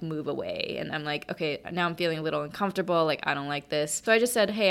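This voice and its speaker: A woman's voice: low-pitched, vocal fry, fairly bright tone. A young adult woman, a podcast guest, telling a personal story in casual conversation and acting out the quoted lines.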